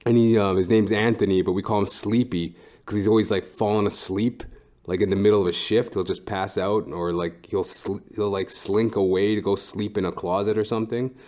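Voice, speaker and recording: Profane, rambling lower-voiced man. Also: fairly even intonation, fairly quick, a little mellow. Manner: profane, rambling, heavy fillers. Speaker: podcast host. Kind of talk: casual rambling monologue.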